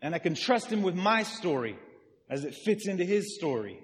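A man's voice: high voice, sing-song, normal speed. A man, a pastor, giving a sermon in a conversational style and talking directly with his congregation. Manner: conversational preaching that engages the congregation. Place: church. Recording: long reverb of a large church hall.

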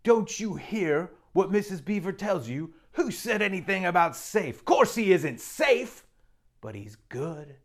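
Guy reading as a stern storybook beaver, pitched way up, loud and insistent. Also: very animated, unhurried, full character voice. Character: stern, excitable male beaver, a talking animal.

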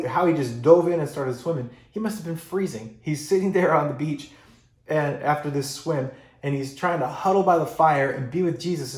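A male pastor preaching a sermon, telling a story with lively emphasis and going quiet for the solemn parts. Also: on the high side, echoey room. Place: church.

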